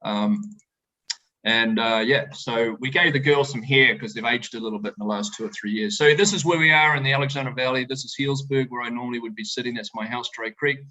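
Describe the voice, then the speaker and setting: A middle-aged man, a winemaker, telling animated, joking stories to a tasting audience over a video call. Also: mid-range voice, brisk, poor audio. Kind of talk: storytelling talk to a tasting audience. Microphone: video call presentation.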